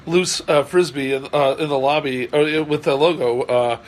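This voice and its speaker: Casting: male podcast host, slightly higher voice, halting and filler-heavy. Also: fairly even intonation. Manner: hesitant, filler-heavy questions. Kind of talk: casual interview chat.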